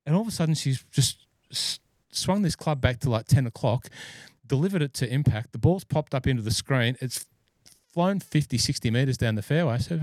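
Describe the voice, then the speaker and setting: A man tells a long, rambling story in a casual podcast chat, stopping often for fillers and restarts. His voice sits at a middle pitch. The sound is dry and close, with no room around it. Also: expressive, brisk, darkish tone, no echo. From Scotland. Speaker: podcast host and golf club fitter.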